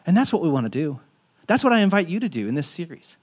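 A man in his thirties, a pastor preaching a sermon in a relaxed, conversational and self-deprecating storytelling way. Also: on the high side, fast talker, husky.

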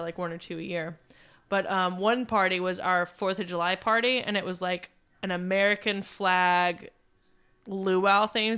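Woman, twenties, podcast co-host, animated swearing storyteller, bright tone. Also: mid-range voice, clear, resonant tone. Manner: rambling, profane, animated storyteller. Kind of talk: casual storytelling chat.

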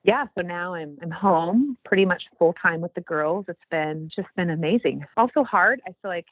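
A woman guest telling a faith story in casual talk, acting out the quoted lines with animated jumps in her voice. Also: moderate pace, husky, no room sound. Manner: animated, acts out quoted dialogue with big pitch jumps. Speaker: podcast guest. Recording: dry, tinny phone-like line.

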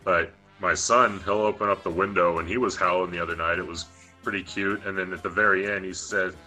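A man calling in by phone to a podcast, chatting in an easygoing, halting way. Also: deep voice, steady tone, pushed and bright, faint music behind, low-quality recording. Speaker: guest on the phone. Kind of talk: casual chat.

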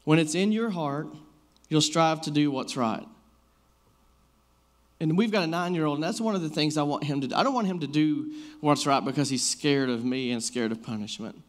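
A man's voice: fairly high pitch, normal speed. Man preaching in a casual storytelling way. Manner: conversational, storytelling, many fillers like "like". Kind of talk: casual sermon with personal stories.

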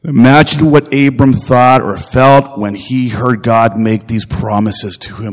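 A man's voice: mid-range voice, normal speed, long reverb tail. A man preaching a sermon as pastor, earnest and emphatic, repeating phrases and putting direct questions to his listeners.

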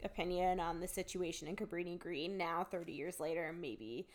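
A woman's voice: fairly low pitch, normal speed. A young woman co-hosting a podcast in casual chat, earnest and outspoken with jokey asides. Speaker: podcast co-host.

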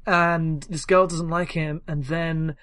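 A man co-hosting a casual conversation about video games, relaxed and often restarting his sentences. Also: fairly high pitch. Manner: relaxed, halting, self-correcting.

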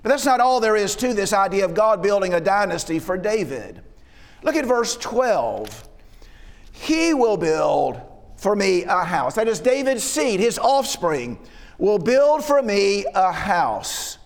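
A man's voice: high-pitched, sing-song, a little slow. A man preaching an expository sermon, walking through a passage verse by verse and asking rhetorical tag questions. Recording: long reverb of a hall.

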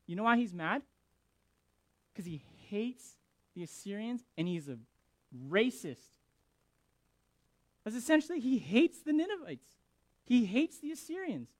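A male pastor preaching a sermon, animated and emphatic with dramatic pauses. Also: very high voice, dry recording.

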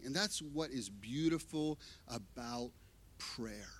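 A man preaching a sermon, animated and emphatic, shifting between hushed and loud delivery. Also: fairly high pitch, moderate pace. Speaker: pastor. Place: church.

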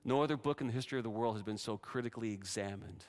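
A middle-aged man preaching a sermon, animated, acting out the lines of the figures he talks about. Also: rapid-fire. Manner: animated, voices God and Jonah with rising pitch and force. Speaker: pastor.

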